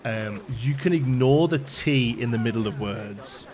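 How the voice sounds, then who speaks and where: Speaking at a slightly slow pace in a medium-pitched, somewhat mellow voice, an English man with a light Liverpool tinge hosts a live stream. He chats casually and digressively while building in a game, laughing often, as faint music plays behind him.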